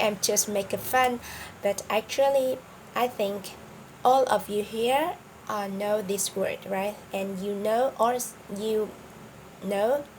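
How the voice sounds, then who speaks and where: A woman's voice: mid-range voice, slight background noise, low-quality recording. A woman with a Vietnamese accent, a native Vietnamese speaker teaching an English vocabulary lesson, hesitant with many fillers and restarts.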